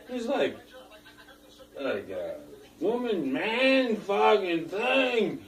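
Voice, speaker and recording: A middle-aged father arguing with his family, profane and scornful, his voice often rising to a yell. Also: high voice, very animated, very slow. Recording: roomy echo from far off.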